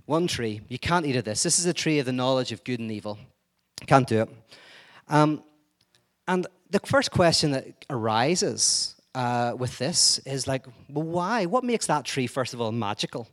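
A man's voice: mid-range voice, animated, normal speed. A man giving an informal lecture in a conversational way, joking and acting out quoted speech.

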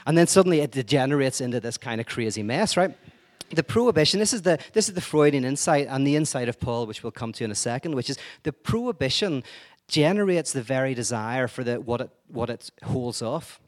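A man's voice: mid-range voice, lively intonation, a little fast. Brief: male lecturer, mid-range voice, chatty and playful, slips into quoted voices. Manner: conversational, joking, acts out quoted speech. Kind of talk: informal lecture.

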